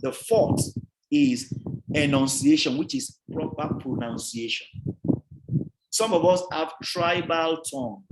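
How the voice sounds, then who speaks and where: A man's voice: on the high side, slow, a little hiss or hum. A man teaching a presentation skills class, stressing words hard, repeating key points and quizzing his listeners. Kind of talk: revision class lecture. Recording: roomy echoey sound.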